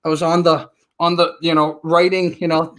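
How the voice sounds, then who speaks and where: A man in his thirties talking casually as a podcast guest, telling stories in an animated way with lots of filler words. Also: fairly high pitch, moderate pace. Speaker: podcast guest, martial artist. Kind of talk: casual chat.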